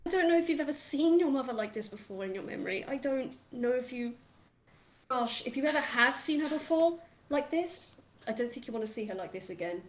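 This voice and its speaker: A woman's voice: high voice, lively intonation, a little fast. Woman game master in an echoey room. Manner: descriptive, laughs easily, emotive. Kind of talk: narrating a tabletop game. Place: home.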